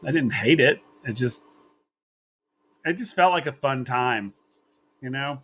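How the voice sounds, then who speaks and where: A man's voice: mid-range voice, animated, unhurried, fairly bright tone, a little hiss or hum. A man with an American accent co-hosting a podcast, rambling and laughing as he recalls a match. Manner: rambling, giggly, self-interrupting storytelling. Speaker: podcast co-host. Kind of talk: casual wrestling recap.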